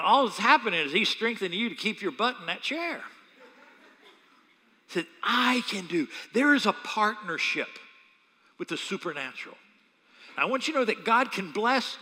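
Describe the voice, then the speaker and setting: A man, a pastor, preaching a sermon with animated, humorous storytelling. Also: sits high, long reverb tail.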